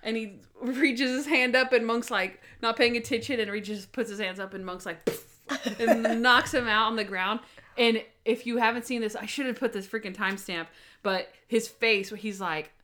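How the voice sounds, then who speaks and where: Animated woman recapping an episode. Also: on the high side, moderate pace. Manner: animated, acts out quotes, many fillers. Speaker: podcast co-host. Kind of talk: casual episode review chat.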